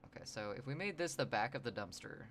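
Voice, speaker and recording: A man's voice: mid-range voice, animated, quick pace, a bit bright, a little hiss or hum. A man streaming his drawing session, rambling and joking with his chat. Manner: rambling, jokey, talks to chat. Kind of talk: casual livestream chat while sketching.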